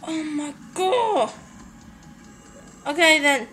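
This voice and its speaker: An excitable Irish woman chatting through gameplay as a let's play host. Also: high-pitched, very slow, a little hiss or hum. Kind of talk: gaming commentary.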